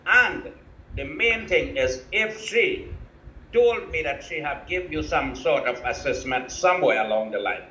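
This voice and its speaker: A man's voice: fairly high pitch, pushed and bright, roomy sound, dull audio, a little hiss or hum. A man, calling in to a live show and speaking firmly and indignantly. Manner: firm, indignant. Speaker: caller. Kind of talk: phoned-in commentary.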